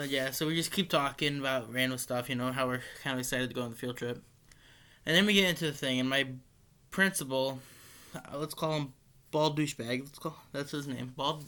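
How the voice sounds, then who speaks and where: A man's voice: mid-range voice, sharp tone. A teenage boy telling a school story in a casual, rambling way, full of likes, restarts and the odd swear. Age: teens. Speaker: high school student.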